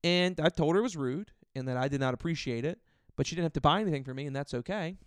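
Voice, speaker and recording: A male stand-up comedian, a podcast guest, retelling a story in an animated, indignant way and leaning on "like" as a filler. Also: a little high, fast, clean tone, no room sound. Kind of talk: conversational storytelling.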